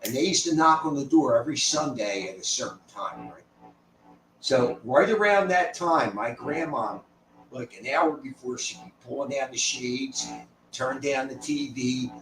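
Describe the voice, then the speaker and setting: Animated, profane man, echoey and distant. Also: on the high side, normal speed. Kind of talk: casual storytelling chat. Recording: distant echoey mic with faint noise.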